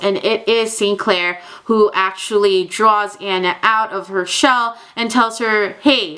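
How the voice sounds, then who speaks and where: Bright gushing young woman reviewer. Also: mid-range voice, smooth. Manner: gushing, chatty, many fillers like "oh my god". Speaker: book reviewer. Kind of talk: casual book review vlog.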